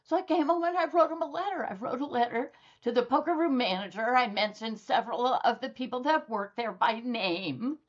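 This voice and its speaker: A woman guest on a podcast telling stories in a lively, conversational way and acting out the people in them. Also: fairly high pitch, a little fast, few pauses, lo-fi sound. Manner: lively storyteller who acts out dialogue. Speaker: guest author.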